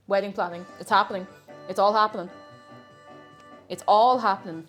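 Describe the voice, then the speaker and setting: A woman live-streaming while she bakes, chatting casually. She bursts into excited squeals and shouts, then drops to soft mumbles and laughs. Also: medium pitch, fast, pauses often, faint music behind.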